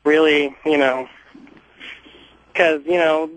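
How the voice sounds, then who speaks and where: A man calling in to a radio talk show over a muffled cell phone, speaking haltingly with many fillers. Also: on the high side, steady tone, dry recording. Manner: hesitant, halting, lots of fillers. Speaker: caller.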